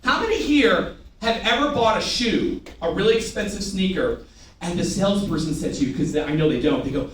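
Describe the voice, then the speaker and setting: A male sales trainer with a high-pitched, energetic, brisk voice leads a live sales training demonstration, using rhetorical questions and call-and-response with the room. He is recorded from a distance in a reverberant, echoey room with faint noise.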